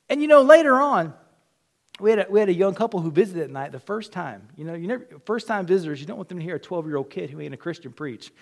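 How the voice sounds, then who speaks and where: A middle-aged male pastor preaching a sermon, telling personal stories in an animated way, acting out quotes and dropping to a near whisper at times. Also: high-pitched, gravelly.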